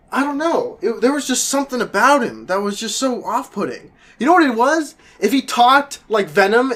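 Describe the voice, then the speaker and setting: A young man talking casually to camera, animated and jokey, with quick shifts in pitch. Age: young adult. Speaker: vlogger.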